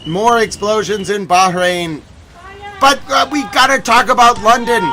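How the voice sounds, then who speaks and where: A man hosting a live stream on breaking news, talking urgently and breaking into agitated, shouted outbursts. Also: high-pitched, unhurried, background noise. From United States. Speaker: livestream host covering breaking news.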